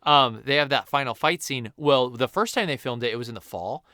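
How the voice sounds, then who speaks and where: A man's voice: medium pitch, a little fast, a little hiss or hum. A man co-hosting a casual movie podcast, sharing film trivia with lots of fillers. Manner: animated, shares film trivia with filler words. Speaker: podcast co-host.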